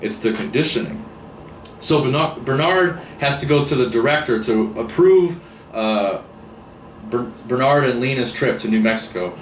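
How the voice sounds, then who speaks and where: Mid-pitched man, casual rambling book reviewer; distant mic, echoey room. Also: expressive, moderate pace. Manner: rambling, many fillers and restarts. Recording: roomy echo, distant mic, faint hiss.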